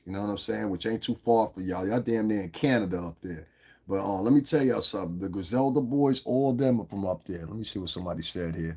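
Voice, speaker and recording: Gravelly, husky-voiced man on a livestream. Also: lowish voice, darkish tone. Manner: profane, blunt, talks straight to his chat viewers. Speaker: livestream host. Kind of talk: unscripted livestream chat. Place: lives in Las Vegas.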